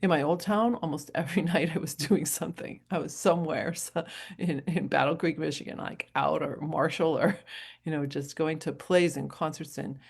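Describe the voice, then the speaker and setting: A middle-aged coach from New Hampshire, USA, talks casually to camera with motivational intent, drifting loosely between advice and stories. Her voice is a little low for a woman, creaky and husky, at a normal speed, and she laughs easily.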